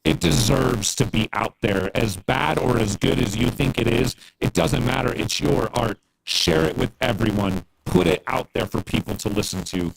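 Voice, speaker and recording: Gravelly-voiced man giving earnest feedback. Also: medium pitch, expressive, moderate pace, few pauses, a little hiss or hum, low-quality recording. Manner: earnest, encouraging, rambling with fillers. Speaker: music producer guest giving feedback. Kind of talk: casual livestream chat.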